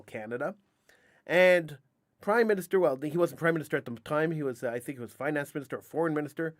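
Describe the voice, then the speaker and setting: Man, middle-aged, talk radio host, emphatic storytelling, slightly high voice, dry studio sound. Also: no room sound. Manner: emphatic, animated storytelling with restarts.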